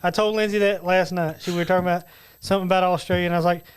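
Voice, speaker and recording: A man co-hosting a casual studio podcast, rambling and reciting lyrics slowly. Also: sits high, steady tone, a little hiss or hum. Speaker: podcast co-host.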